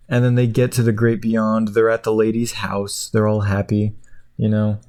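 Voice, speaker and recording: A man rambling through the plot of a movie while clicking away, jumping into high squeaky voices for the characters. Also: completely flat delivery, normal speed, darkish tone, clean tone. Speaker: streamer. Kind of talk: casual chat while clicking.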